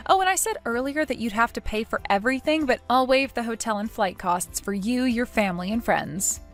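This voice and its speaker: A woman narrates a scripted first-person story, cool and composed, with dry sarcasm in her delivery. Her voice sits a bit high and moves lively between lines. Faint music runs beneath her. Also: brisk.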